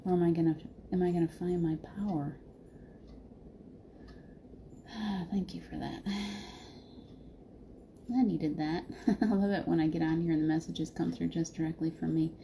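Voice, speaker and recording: A woman's voice: fairly low pitch, fairly even intonation, moderate pace, gravelly, pauses often, mellow, slight background noise. A middle-aged woman hosting a heartfelt live spiritual talk, laughing often and answering viewers by name.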